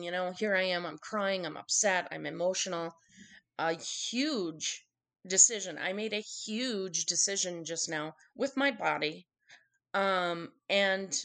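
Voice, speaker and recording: Speaking in a mid-range, slightly bright voice, a woman opens up in conversation about an emotional personal experience. As a guest telling her story, she performs the lines other people said.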